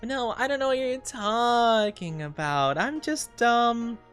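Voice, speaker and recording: A woman's voice: a little high, animated, slow pace, clear, resonant tone, soft background music. A woman streamer chatting casually with her live chat, rambling and giggling often, tired and yawning. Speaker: VTuber streamer.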